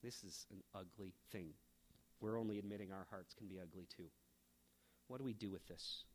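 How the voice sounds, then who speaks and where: A middle-aged man preaching a sermon, emphatic, rising to fervent peaks and then dropping to a quiet, low delivery. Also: normal speed. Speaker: pastor.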